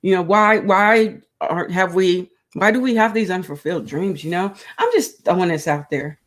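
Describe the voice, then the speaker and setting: A woman's voice: fairly low pitch, normal speed. A woman hosting a crochet livestream, chatting casually with viewers and reading their comments aloud.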